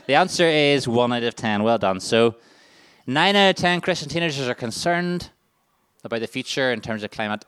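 A man hosts a lively quiz with a group of teenagers, reading out the options one by one. His voice is clean and resonant, recorded close with a dry sound. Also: lowish voice, smooth, no room sound. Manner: upbeat quizmaster, reading out multiple-choice answers. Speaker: workshop leader. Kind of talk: interactive quiz with a youth group.

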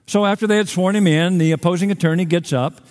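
A man's voice: high voice, steady tone, fast talker, a little mellow. A middle-aged man, preaching a sermon with folksy, self-deprecating humor to a large church. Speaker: guest pastor. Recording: long hall reverb.

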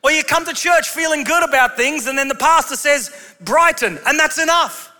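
A man's voice: very high voice, normal speed, pushed and bright. A male pastor preaching a sermon to his congregation with humorous storytelling. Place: large church auditorium. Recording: long hall reverb.

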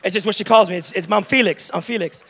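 Fast-talking young male pastor, high voice. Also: creaky, a bit bright, breathy edge. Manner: humorous, confessional storytelling. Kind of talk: sermon. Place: church.

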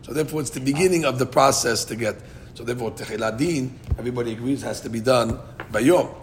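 A man's voice: medium pitch, fast talker, a little hiss or hum. A man teaching a Talmud study class, explaining in English with chanted Aramaic quotes and frequent restarts.

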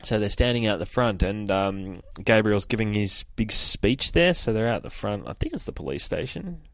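A low-voiced man hosts a podcast and recaps a comic book with a loose, swearing, self-mocking energy. The recording is dry and close to the mic. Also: normal speed, dry recording. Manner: animated, profane, laughs at himself. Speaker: podcast host.

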